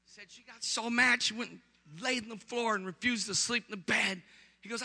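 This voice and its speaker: A pastor preaching with animated, punchy storytelling and comic timing. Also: male voice, extremely high pitch, fairly quick, gravelly, in a large hall. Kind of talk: storytelling sermon.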